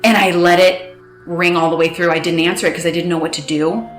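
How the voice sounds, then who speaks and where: A woman recounting a personal story with emotion, halting and restarting, quoting others in quick bursts. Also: lowish voice, little pitch movement, reverberant, soft background music. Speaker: guest telling her story.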